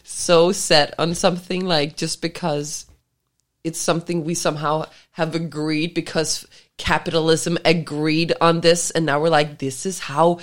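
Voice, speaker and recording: Lady podcast cohost, kinda low voice, blunt and swears a lot, laughs easy. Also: little pitch movement, a little slow. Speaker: podcast co-host. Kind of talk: casual chat.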